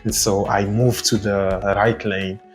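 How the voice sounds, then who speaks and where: Rambling young man, low voice. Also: measured pace, soft background music. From South Africa. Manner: rambling and animated, with asides and laughs. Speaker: vlogger. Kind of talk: casual chatty vlog.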